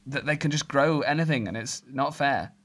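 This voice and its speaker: A man's voice: medium pitch, normal speed, a bit bright. A man from England in a casual comedic chat, making wry, jokey asides.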